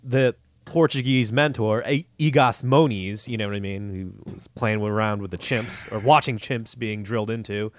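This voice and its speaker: A man's voice: fairly low pitch, normal speed, hardly any pauses. A man casually recounting a story to friends on a podcast, swearing freely and acting out what people said. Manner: animated, swears freely, acts out quotes. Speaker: podcast host. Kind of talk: casual profane storytelling chat.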